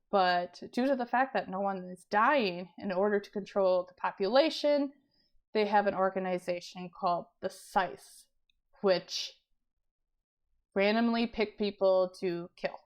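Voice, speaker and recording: A young woman chatting casually about books she has read, laughing often and clearing her throat as she loses her voice. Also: medium pitch, dull audio. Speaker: book vlogger. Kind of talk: casual book review chat.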